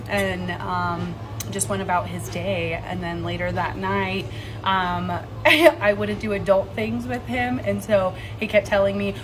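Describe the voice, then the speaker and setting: Woman talking over clear background noise. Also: mid-range voice, flat delivery, unhurried. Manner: quotes her husband in a raised voice. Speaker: interviewee. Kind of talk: casual storytelling.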